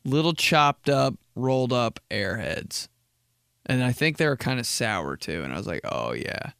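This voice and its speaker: Gravelly young man rambling a funny story. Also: expressive, a bit bright, dry recording, studio quality. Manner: rambling storyteller, drops into slow, low voices when quoting people. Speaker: podcast host. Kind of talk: casual comedic monologue.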